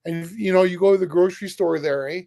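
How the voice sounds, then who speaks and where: Man, guest on a casual live-stream chat from home. Blunt, casual swearer, short replies. Gravelly, slightly high voice, dry close sound over a video call. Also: fast, warm tone, dry recording. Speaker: guest YouTuber.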